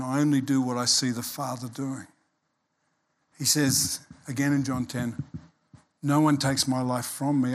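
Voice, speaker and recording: A man preaching a sermon as pastor, animated and emphatic, acting out quoted voices. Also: mid-range voice.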